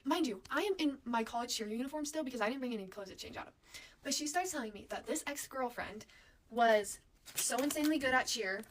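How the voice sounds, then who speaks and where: A young woman tells a casual storytime, chatty and full of fillers. Her voice sits a bit high, and she slips into whispered asides now and then. A faint hiss runs under the recording. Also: fairly bright tone.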